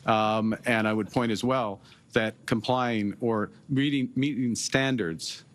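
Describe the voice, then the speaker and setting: A middle-aged man from Canada answering reporters' questions at a press conference, measured and halting, with many pauses and fillers. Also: mid-range voice, fairly even intonation. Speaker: prime minister at a press conference.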